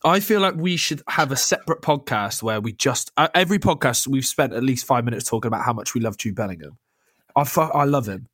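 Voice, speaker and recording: Animated young man, dry close mic. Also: mid-range voice, a little fast, no echo. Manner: animated, swears, laughs often. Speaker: podcast co-host. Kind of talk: casual football chat.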